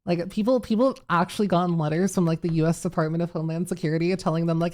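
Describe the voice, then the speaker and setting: A woman's voice: fairly low pitch, fairly even intonation, racing, hardly any pauses, a little mellow. A woman live streamer chatting casually with her viewers, reading messages aloud, laughing often and swearing freely. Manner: giggly and profane, reads chat aloud.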